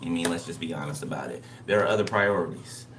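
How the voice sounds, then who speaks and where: A man with a lowish voice gives a blunt, preachy spiritual reading, repeating his points and swearing freely. He sounds set back from the mic in an echoey room, with a faint hiss underneath. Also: quick pace, recorded from a distance. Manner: blunt, repetitive, profane. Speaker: tarot reader. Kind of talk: casual spiritual reading monologue.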